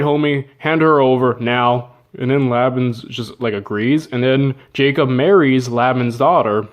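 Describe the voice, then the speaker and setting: A man's voice: medium pitch, highs cut off. A man casually retelling an old story with jokes, slang and asides. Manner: joking, slangy, with fillers and laughs. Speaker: narrator.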